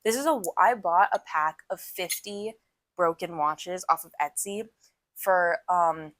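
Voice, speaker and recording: A woman's voice: on the low side, a little slow, a bit bright, dry recording. A young adult woman co-hosting a podcast in casual chat, rambling and giggly, often saying "literally". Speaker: podcast co-host.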